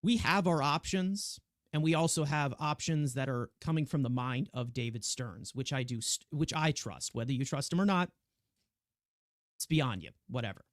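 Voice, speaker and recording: A man co-hosting a casual sports podcast, animated and rambling with many restarts. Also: mid-range voice, moderate pace, no echo, clean studio sound. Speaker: podcast co-host.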